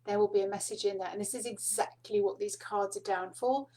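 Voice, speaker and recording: A middle-aged woman hosting a spiritual card reading, speaking softly and meanderingly with fillers and small laughs. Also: medium pitch, steady tone, fairly quick, rough recording. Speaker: spiritual card reader and host. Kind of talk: casual spoken teaching to camera.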